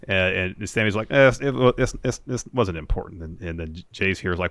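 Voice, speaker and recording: A man's voice: low-pitched, moderate pace, hardly any pauses, fairly bright tone, no room sound. A man co-hosting a casual wrestling podcast, retelling segments play by play in a rambling way with many restarts. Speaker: podcast co-host. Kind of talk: casual wrestling recap chat.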